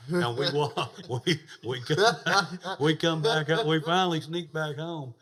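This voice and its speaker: This man's voice runs on the high side, slow and fairly bright. As a podcast guest and rodeo champion, he chats casually, spinning a rowdy, profane tale and laughing as he goes.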